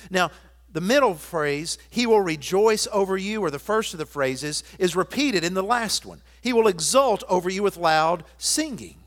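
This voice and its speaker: A man preaching a sermon, quoting scripture and hymn lines and moving from loud emphatic declarations to soft, intimate asides. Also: high-pitched, animated, moderate pace. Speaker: pastor.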